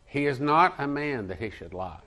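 A pastor preaching a sermon and praying in church, earnest, leading the congregation to repeat lines after him. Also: male voice, medium pitch, big pitch swings, normal speed, bright, forceful tone. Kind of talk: sermon with prayer.

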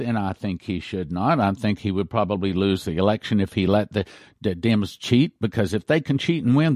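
A man's voice: on the low side, gravelly, a little mellow, no echo. Emphatic preaching man, dry voice. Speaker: pastor. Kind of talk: broadcast sermon.

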